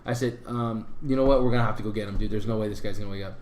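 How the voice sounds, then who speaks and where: A man's voice: lowish voice, steady tone, very fast, a little mellow, echoey room, slight background noise. A man co-hosting a podcast, telling a story in casual chat and acting out the voices of the people in it. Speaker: podcast co-host.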